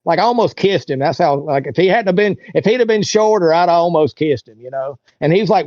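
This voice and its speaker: Rambling storyteller, somewhat high male voice. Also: expressive, brisk, few pauses, darkish tone, dry recording, highs cut off. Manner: rambling, colloquial, acts out others' lines. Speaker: interview guest. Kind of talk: casual storytelling.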